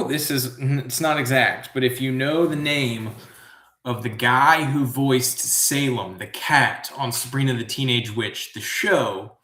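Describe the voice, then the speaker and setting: A man hosting a live trivia stream, reading questions slowly and drifting into musing asides. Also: mid-range voice, fairly bright tone, echoey room. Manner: slow, drawn-out, musing asides. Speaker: trivia host.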